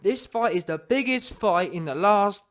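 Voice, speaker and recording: A man's voice: high voice, lively intonation, normal speed. A man with a British accent giving opinionated, rambling boxing commentary, emphatic and often correcting himself mid-sentence. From United Kingdom.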